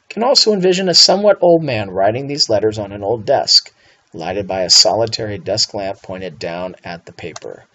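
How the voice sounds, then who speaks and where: A man's voice: medium pitch, fairly bright tone. A male English teacher giving a recorded writing lesson, playful, with theatrical asides and mock outrage. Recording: dull lo-fi voice recording.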